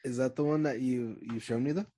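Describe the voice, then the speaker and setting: A man's voice: medium pitch, steady tone, quick pace, dark tone. A man co-hosting a podcast, chatting loosely and profanely in casual talk. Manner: loose and profane, laughing along. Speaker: podcast co-host. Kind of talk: casual chat.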